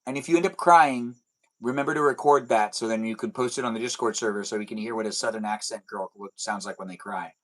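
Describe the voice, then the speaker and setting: A man's voice: fairly low pitch, fast talker, fairly bright tone. A young man hosting a casual live stream at home, rambling as he answers chat messages aloud. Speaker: livestream host. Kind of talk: casual livestream chat reading comments. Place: indoors at home with TV on behind.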